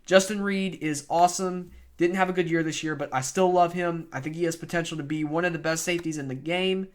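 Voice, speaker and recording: Ranting young man, fairly high voice. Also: a little fast. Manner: opinionated, animated, ranting. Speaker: sports fan vlogger. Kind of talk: unedited sports rant.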